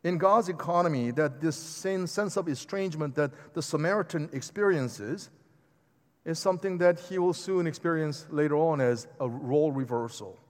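A man preaching a sermon in a lively, conversational way, with asides to the congregation. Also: a little high, normal speed. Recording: long hall reverb.

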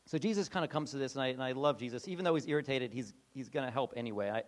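A man preaching a conversational sermon, animated and chatty, slipping into quick acted-out voices with frequent restarts. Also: medium pitch.

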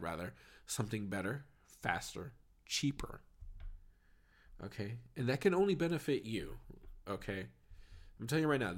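A man, a veteran, giving casual, emphatic opinion commentary and often checking in with his viewers. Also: on the low side. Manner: fast, emphatic, keeps checking in with "okay?" and "right?".

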